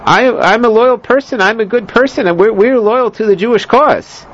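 A man's voice: very high-pitched, moderate pace, fairly bright tone, voice pushed up. A man voicing a wise old Jewish grandmother who pleads indignantly for her city, in a dull lo-fi recording. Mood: pleading, indignant. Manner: indignant, pleading rhetorical questions.

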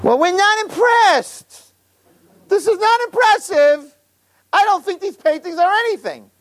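A man's voice: lively intonation, a little slow. A man voicing a brash old Jewish woman tourist who shrieks her complaints. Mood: dismissive. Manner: shrill, shouting complaints.

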